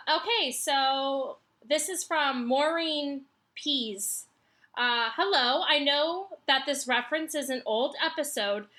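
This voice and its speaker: Give me a slow, bright-voiced woman reading listener mail. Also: high-pitched. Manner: measured, amused reading. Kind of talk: reading listener letters aloud.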